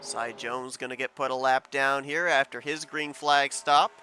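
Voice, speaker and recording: Bright-voiced male race announcer. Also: medium pitch, a little slow, a little hiss or hum. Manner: calm analysis, rising to shouting at the finish. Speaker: play-by-play announcer. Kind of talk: sim racing commentary.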